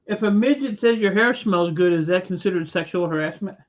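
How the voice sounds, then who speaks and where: A man chatting on a stream, trading deadpan one-liner jokes. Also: high voice, fairly quick, dull audio. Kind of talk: casual chat, telling jokes.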